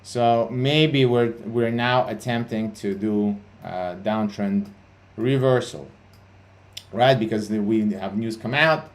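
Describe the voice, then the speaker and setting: A man's voice: on the low side, slow. Blunt, profane man hosting a livestream. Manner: blunt, profane, many fillers and restarts. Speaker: CEO and livestream host. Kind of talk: casual livestream talk.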